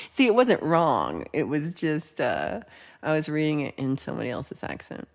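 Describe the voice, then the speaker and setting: A woman's voice: sits low, huge pitch swings, normal speed, vocal fry. A woman hosting a casual livestream, chatting, teasing and laughing as she reads viewer comments. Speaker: livestream host.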